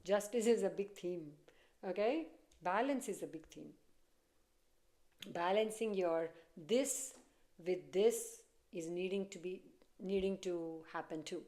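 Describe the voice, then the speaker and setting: A woman's voice: on the low side, slow, mellow. A woman giving a casual tarot reading, chatty and repetitive, often breaking into laughter. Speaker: tarot reader.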